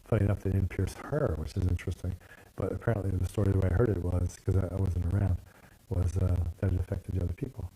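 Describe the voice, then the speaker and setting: A man's voice: deep voice, level tone, quick pace, warm tone, slight background noise. A man giving a casual, digressive dharma talk as a meditation teacher, often tagging on "you know" and "right?".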